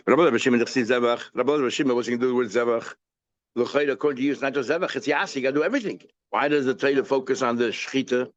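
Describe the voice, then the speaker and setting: In a casual lecture on the daily Talmud page, a rabbi with a medium-pitched male voice answers his own questions and weaves Hebrew and Yiddish terms into English. The sound is lo-fi.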